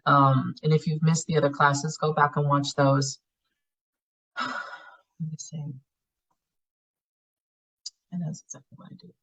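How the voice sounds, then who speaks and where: A woman's voice: low voice, gravelly, far from the mic, poor audio. Blunt, profane woman teaching a healing class. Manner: blunt, profane, animated coaching with frequent laughs. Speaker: spiritual healing class facilitator. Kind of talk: live online class teaching.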